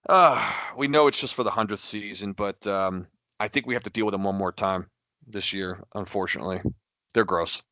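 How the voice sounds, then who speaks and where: Bright-voiced exasperated man rambling. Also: lowish voice, a little fast, no room sound. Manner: rambling and exasperated, many restarts. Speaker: podcast co-host. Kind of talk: casual sports chat.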